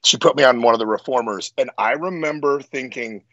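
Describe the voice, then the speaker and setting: A man who is a strongman, a podcast guest telling stories in casual chat, animated and profane. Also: medium pitch, unhurried, dry recording, highs cut off.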